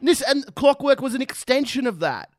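A man's voice: very high-pitched, big pitch swings, moderate pace, no echo, studio quality. A man giving profane, sarcastic reaction commentary. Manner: sarcastic, mocking, swears a lot.

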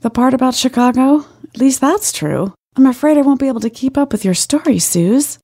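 A woman's voice: high-pitched, expressive, brisk, dark tone, slightly rough, no echo, studio quality, pitched above the performer's own voice, exaggerated voice. A woman doing a bold teasing flirt of a sister. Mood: playful. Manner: teasing, bossy, brassy.

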